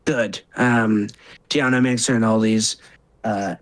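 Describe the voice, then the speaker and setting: A man's voice: fairly low pitch, fairly even intonation, slow pace, no room sound. A man voicing a boisterous female ritual leader giving orders in a tabletop game. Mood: commanding. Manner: boisterous and loud.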